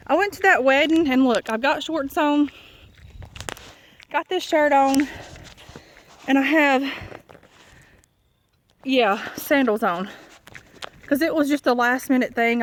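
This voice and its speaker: A woman's voice: high voice, slow pace, pauses often, slight background noise. A woman chatting casually to her viewers while walking outdoors on a country road, out of breath and rambling in a confiding way. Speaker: vlogger.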